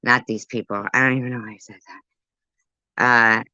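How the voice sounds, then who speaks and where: Woman yt commentator rambling and cussing, bright edgy voice, dull dry sound. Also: very deep voice, fairly even intonation, moderate pace, no echo. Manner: rambling, profane, talks to viewers and pets. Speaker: commentary YouTuber. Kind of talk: casual live commentary.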